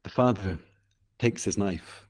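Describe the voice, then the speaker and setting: Speaking slowly in a low, slightly mellow voice, a Scottish-accented man shares a traditional story as an interview guest. He tells it vividly and rhythmically, using repetition for effect.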